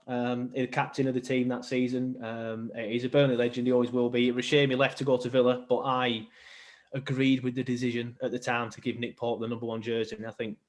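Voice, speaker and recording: A man's voice: medium pitch, a little mellow. A young man, chatting casually as a podcast guest, rambling with many ums and restarts. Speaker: podcast guest, football fan. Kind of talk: casual chat.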